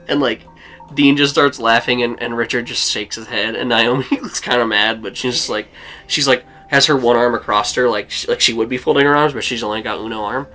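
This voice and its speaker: Male game master, bright tone, rambling narration, faint music under. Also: mid-range voice, steady tone. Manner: rambling, halting, with fillers and laughs.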